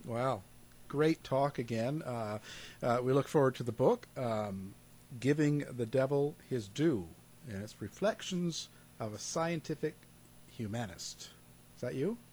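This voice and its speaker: A man's voice: medium pitch, animated, measured pace, darkish tone. Joking Canadian man hosting radio show. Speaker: host. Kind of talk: casual interview talk.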